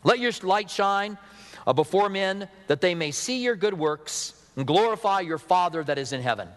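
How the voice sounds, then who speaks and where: A man's voice: high-pitched, animated, moderate pace. Man preaching in a reverberant church. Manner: conversational preaching with asides and acted-out quotes. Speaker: pastor. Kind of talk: sermon. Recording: long hall reverb.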